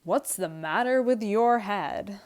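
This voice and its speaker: A woman reading aloud the lines of a bitter, frustrated young husband from a script, slightly louder than her narration. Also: medium pitch, lively intonation, takes it slowly, smooth. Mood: angry, bitter. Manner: read aloud from a script, lightly acted.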